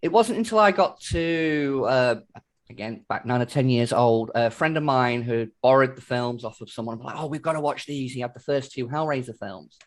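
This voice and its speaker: A man's voice: medium pitch, normal speed. A man, a guest in a casual interview, telling stories in a chatty way over a video call. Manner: chatty storyteller, laughs often.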